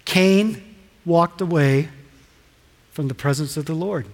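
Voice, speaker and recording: Male pastor, high voice, animated sermon, lingering hall reverb. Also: slow. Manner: animated preaching, rhetorical questions, dramatized quotes.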